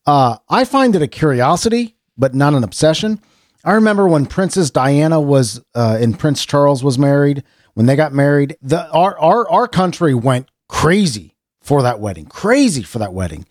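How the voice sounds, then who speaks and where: With a voice on the high side and a sing-song lilt, the middle-aged American host talks at normal speed in a slightly mellow tone, recorded studio-clean with no echo. He rambles through the casual podcast conversation, cutting himself off, restarting, and chuckling occasionally.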